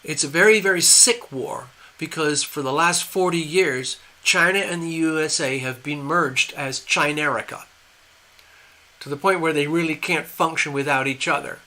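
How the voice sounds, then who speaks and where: A man's voice: fairly high pitch, normal speed, bright, forceful tone. An older man hosting a live stream, giving opinionated, rambling commentary with frequent restarts. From USA. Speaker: host.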